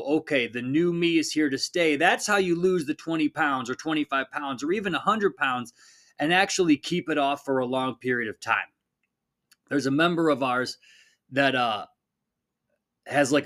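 Energetic man coaching on a podcast. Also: mid-range voice. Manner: energetic, conversational, coaching tone, acts out quotes. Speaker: podcast host, fitness coach. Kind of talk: solo podcast monologue.

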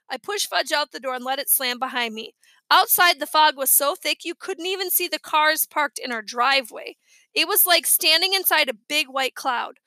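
A woman narrating a children's chapter book aloud in a clear, lively reading voice. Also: high voice, normal speed, no room sound, rough recording. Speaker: audiobook reader.

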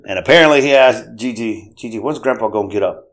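A man in his fifties trading stories on a casual podcast. He talks in an everyday middle-pitched voice, acting out each character's lines and laughing as he goes. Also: a little fast. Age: 50s. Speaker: podcast host. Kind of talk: casual storytelling chat.

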